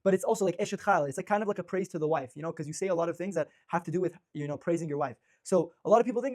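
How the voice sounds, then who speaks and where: Fast-talking, high-voiced male rabbi. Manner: energetic, rapid, many restarts and fillers. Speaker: rabbi teaching a class. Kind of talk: informal religious lecture.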